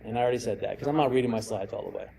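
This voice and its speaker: A man's voice: medium pitch, racing, vocal fry, warm tone, slight background noise, rough recording. A middle-aged man giving a conference talk on security, telling stories and acting out the people in them. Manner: storytelling, acts out quoted voices. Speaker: cybersecurity speaker. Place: presentation room.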